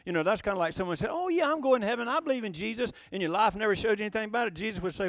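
A man delivers a sermon in a high, lively voice that leaps around as he speaks. He fires rhetorical questions and chuckles between points. The sound is close and dry. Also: very fast, few pauses, no echo. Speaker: preacher.

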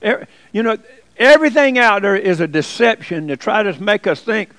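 A man's voice: sits high, animated, moderate pace, fairly bright tone, no echo. A man preaching a sermon, folksy and emphatic by turns.

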